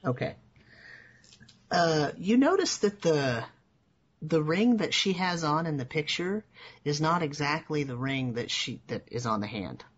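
A man's voice: fairly high pitch, expressive, a little slow, highs cut off, a little hiss or hum. A man running a tabletop game as game master, casually narrating and chatting.

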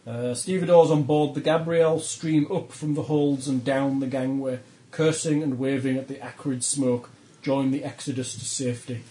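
A man's voice: mid-range voice, fairly even intonation, normal speed, dark tone, low-quality recording. Man narrating a tabletop game. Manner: descriptive narration with frequent ums and uhs. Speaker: game master.

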